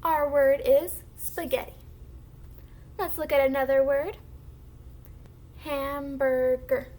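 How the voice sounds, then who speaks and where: A woman teacher giving a recorded phonics lesson to young children, sounding out words slowly and clearly for them to repeat. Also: sits high, steady tone, dark tone.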